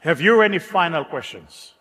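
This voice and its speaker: A South African man quoting a gentle, wise elderly statesman in a slow, measured, fatherly way. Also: fairly high pitch, lively intonation. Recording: echoey hall.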